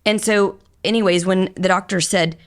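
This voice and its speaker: A woman's voice: mid-range voice, steady tone, normal speed. A middle-aged woman guest on a podcast, telling her story frankly and openly in long, run-on conversational stretches. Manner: frank and open, talks in long run-on stories. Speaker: podcast guest, business owner.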